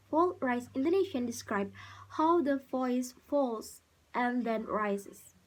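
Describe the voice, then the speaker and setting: Slow-reading young woman presenting a lesson. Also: a little high, low-quality recording. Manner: slow, careful reading with restarts. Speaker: student presenter.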